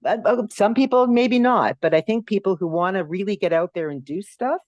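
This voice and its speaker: A woman in her sixties, a podcast guest and author, telling lively anecdotes in an interview. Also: a little fast, dry recording, muffled recording. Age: 60s. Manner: animated, acts out quotes in high voices.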